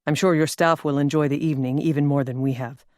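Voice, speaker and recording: Woman doing a guarded young man, firm, restrained, a bit lower voice. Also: fairly even intonation, quick pace, a little mellow, no echo, clean studio sound, lightly acted. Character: tall guarded young man, newly married.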